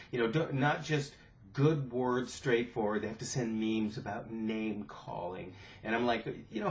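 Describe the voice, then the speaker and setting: A man giving an impromptu political rant to his camera, agitated and indignant, often repeating himself and restarting sentences. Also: medium pitch. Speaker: political vlogger. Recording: dull lo-fi camera audio.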